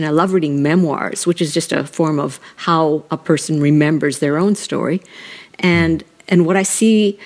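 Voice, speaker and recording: A woman's voice: fairly low pitch, darkish tone. A woman in a reflective conversation, thinking aloud and searching for her words, checking in with her listener. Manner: thoughtful, searching for words, asks "right?".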